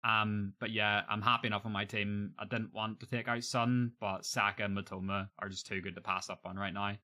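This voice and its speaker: A man's voice: fairly low pitch, little pitch movement, fairly quick, sharp tone. A young man chatting casually on a live stream, joking and swearing freely.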